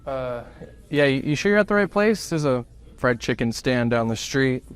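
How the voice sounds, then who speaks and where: A man's voice: medium pitch, lively intonation, normal speed, clear, resonant tone, close to an everyday voice. A man playing a condescending, sarcastic restaurant host in a comedy skit. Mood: snide. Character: smug rude male restaurant host. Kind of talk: skit acting.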